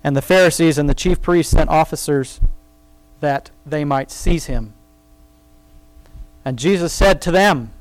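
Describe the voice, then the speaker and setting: Man leading a bible study, fairly high voice, dry close sound, slow reading then chatty asides. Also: no echo. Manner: reads scripture slowly, then comments in a rambling conversational way; laughs at his own remarks. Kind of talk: casual Bible reading and commentary.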